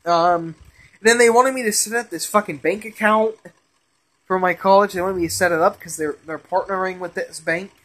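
A man's voice: sits high, steady tone, normal speed, a bit bright. Frustrated young man ranting. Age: young adult. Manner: frustrated, heavy cursing, rambling. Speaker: gaming vlogger. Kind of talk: ranting while playing a game.

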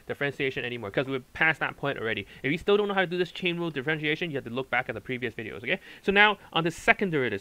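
A man's voice: medium pitch, bright, forceful tone, rough recording. A man tutoring calculus at a whiteboard, explaining step by step and checking in often with "okay" and "right". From Hong Kong. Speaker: math tutor.

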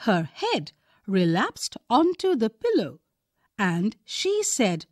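A woman with an Indian English accent, reading a textbook story aloud to a class, expressive and deliberate. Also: fairly high pitch, no room sound, clean studio sound.

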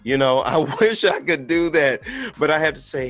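A man's voice: a little high, normal speed, a bit bright, faint music behind. A man in his thirties hosting a podcast, talking bluntly and candidly with lots of profanity in a casual monologue. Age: 30s. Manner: blunt, profane and candid, acting out quoted voices. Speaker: podcast host.

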